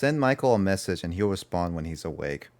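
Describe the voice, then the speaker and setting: A low-voiced man speaks briskly as he livestreams a video game. He rambles in a casual, animated way, catching and correcting himself as he talks.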